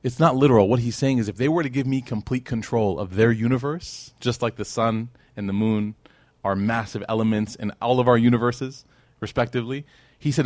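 A man's voice: mid-range voice, steady tone, fairly quick, darkish tone, dry recording. A man teaching an evening religious class in a casual, conversational way, often checking in with "right?" and acting out the people in his stories.

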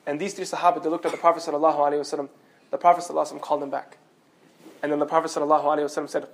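Fast-talking, high-voiced male preacher. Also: creaky. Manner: animated storytelling with joking asides. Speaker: Islamic preacher. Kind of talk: storytelling sermon.

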